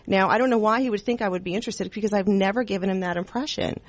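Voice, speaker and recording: Woman radio host rambling and giggling, mid pitch, dry close studio sound. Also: racing, dry recording. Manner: chatty, rambling, giggly and animated. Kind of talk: casual talk radio chat.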